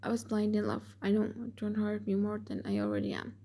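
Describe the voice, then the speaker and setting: A woman's voice: mid-range voice, flat delivery, brisk, warm tone, natural voice. A woman voicing a hurt young maid who speaks bitterly and formally through tears.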